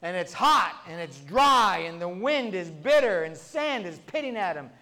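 A pastor telling humorous stories from the pulpit, his speech strung together in an easy, conversational flow. His voice sits notably high for a man. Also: sing-song, a little slow, bright, forceful tone. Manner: conversational storytelling, many "and" links.

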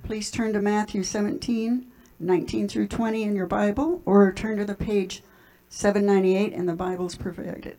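Woman, church scripture reader, warm mellow voice, steady measured reading. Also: mid-range voice, low-quality recording.

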